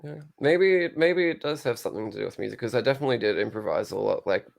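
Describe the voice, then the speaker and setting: A man in a casual interview, talking in a dry, low-key, near-monotone way. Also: fast talker, vocal fry. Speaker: guest, show co-host and musician.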